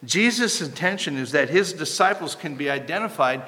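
A man preaching a sermon as pastor, emphatic and building to loud, animated passages. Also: on the high side, moderate pace, in a large hall.

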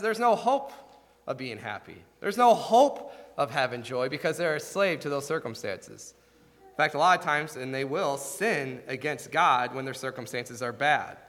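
A man's voice: fairly high pitch, sharp tone. A man preaching a sermon with rising emphasis and many rhetorical questions. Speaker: pastor. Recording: long hall reverb.

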